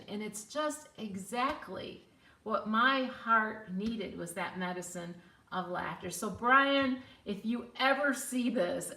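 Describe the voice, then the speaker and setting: Chatty middle-aged woman hosting, bright, roomy. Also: fairly high pitch. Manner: chatty, acts out quoted dialogue. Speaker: host. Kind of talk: casual storytelling vlog. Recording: roomy echo.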